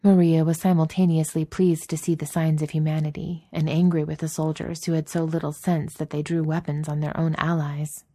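A woman narrating a story as an audiobook reader, in a steady, even storytelling manner. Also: deep voice, fairly quick, few pauses, no room sound, studio quality. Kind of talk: narrating a fan fiction story.

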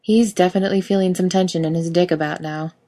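A woman reads a story aloud with a wry, casual delivery that lets the odd swear word through. Her voice sits a little low. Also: steady tone, quick pace, dark tone. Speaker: reader. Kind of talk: storytelling narration.

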